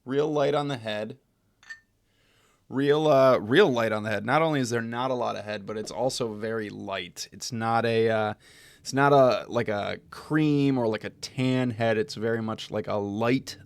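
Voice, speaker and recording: A man's voice: mid-range voice, no echo. A young American man hosting a beer tasting live stream from home, chatting loosely with his viewers, swearing casually and trailing off mid-sentence. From United States. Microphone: desk microphone.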